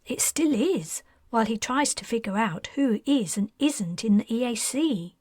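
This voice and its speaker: A woman reading a calm, matter-of-fact adult woman. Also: a little high, unhurried, husky, no echo, studio quality.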